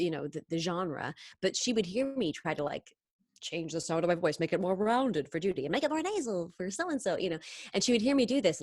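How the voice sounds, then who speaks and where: A woman singer chatting in an interview, telling stories quickly and animatedly, full of tangents. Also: on the low side, no echo, studio quality. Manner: fast, animated storytelling with tangents and laughs. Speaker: singer and impressionist, interview guest. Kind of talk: casual interview chat.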